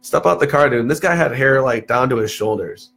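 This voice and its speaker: A young man in his twenties from Texas chats casually as a podcast guest. He tells stories in an animated way, swears freely and tosses in "dude" at every turn, and his voice sits at an ordinary pitch for a man. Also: brisk, gravelly. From Texas, USA. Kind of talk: casual chat.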